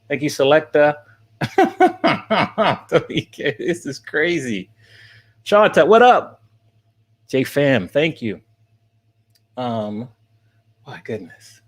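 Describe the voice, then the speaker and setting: A man's voice: a little high, huge pitch swings, very slow, long pauses. A man streaming live, laughing often and thanking viewers by name as he gets through the questions. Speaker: streamer and college teacher.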